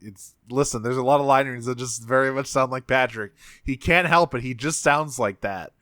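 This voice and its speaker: A man's voice: medium pitch, moderate pace, fairly bright tone, dry recording, studio quality. A man co-hosting a podcast, casually recapping a cartoon episode, swearing freely and acting out bits of dialogue with lots of fillers. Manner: laid-back, swears freely, many fillers, acts out lines. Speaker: podcast co-host.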